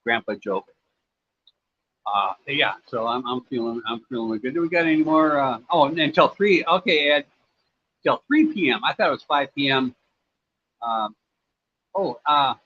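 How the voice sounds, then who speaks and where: With a mid-range voice, normal speed and frequent pauses, a man from the US answers viewer questions on a casual livestream. He rambles in a laid-back, filler-heavy way from his Cambodian home, over slightly dull audio with faint background noise.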